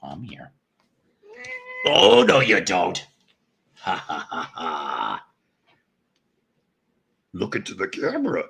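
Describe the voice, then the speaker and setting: A man's voice: sits low, sing-song, slow pace, gravelly, pauses often, sharp tone, husky. A man hosting a casual live stream, rambling and joking with viewers with crude humor. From northern United States.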